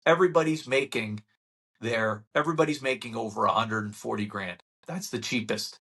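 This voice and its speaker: A man with a husky, slightly rough voice talks straight to camera about his local market. He rants with sarcastic mock quotes and builds up heat as he goes. His delivery stays casual and unscripted. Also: mid-range voice, fairly quick, a bit bright. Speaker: real estate channel host.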